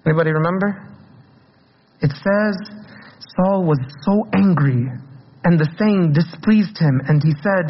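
A man's voice: high voice, unhurried, pauses often. A man preaching a sermon as a priest, speaking in a conversational way and asking the congregation questions. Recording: dull, echoey church recording.

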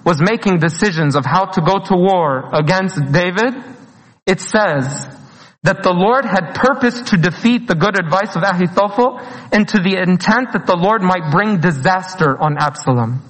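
Brief: male preacher, high voice, earnest pleading sermon, long hall echo. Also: fairly bright tone. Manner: earnest, pleading, mixes in Arabic phrases, laughs between lines.

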